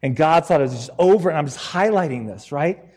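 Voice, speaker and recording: High-voiced, joking male preacher. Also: fast talker, big-room sound. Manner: animated, joking and conversational. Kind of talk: sermon.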